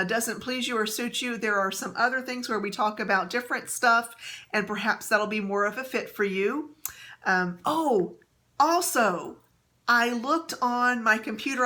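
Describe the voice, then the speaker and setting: A woman vlogging casually, chatting gently with many fillers and soft laughs as she shows items and tells a story. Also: fairly high pitch. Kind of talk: casual haul and story vlog.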